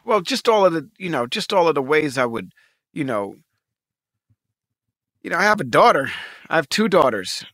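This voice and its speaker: A man in his forties with a bright, forceful, fairly high voice, chatting casually and swearing freely. He talks animatedly and acts out little quoted exchanges. The sound is close and dry. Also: very animated, normal speed, pauses often, no room sound. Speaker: co-host. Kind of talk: casual podcast chat.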